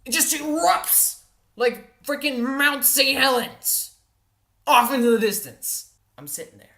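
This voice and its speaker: A woman telling a comic personal story in an animated, exaggerated way, often checking in with her listeners and tossing in mild curses. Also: sits high, unhurried. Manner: animated and exaggerated, with frequent "all right?" check-ins; mild exasperated cursing.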